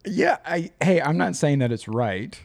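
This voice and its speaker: A man's voice: fairly high pitch, big pitch swings, a little slow, creaky, no echo. A man in his thirties co-hosting a podcast in casual chat, loose and swearing, acting out quoted lines. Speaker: podcast co-host.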